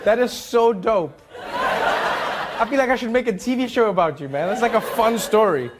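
High-voiced man joking with a crowd. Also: moderate pace. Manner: animated, laughing, mock French voices. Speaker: comedian host doing crowd work. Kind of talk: stand-up crowd work. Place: stage before a live audience. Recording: live audience laughter, room noise.

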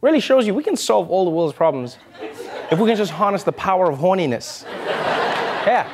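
A man's voice: high voice, big pitch swings, a little fast, crowd noise, noisy background. A man hosting a late-night comedy show, delivering a sarcastic monologue with jokes and asides. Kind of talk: comic monologue.

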